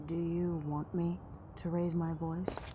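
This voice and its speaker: A woman's voice: fairly low pitch, level tone, takes it slowly, noisy background. A blunt, sarcastic slum woman, voiced by a woman. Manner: sharp-tongued, sarcastic. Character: blunt, distrustful young woman of the slums. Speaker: local woman from a poor neighborhood. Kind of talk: audio drama acting.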